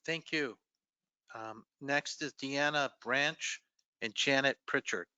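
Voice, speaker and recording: A man chairing a public hearing, calling speakers by name in a slow, hesitant way. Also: mid-range voice, bright, forceful tone, smooth, no echo, lo-fi sound. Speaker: committee chair.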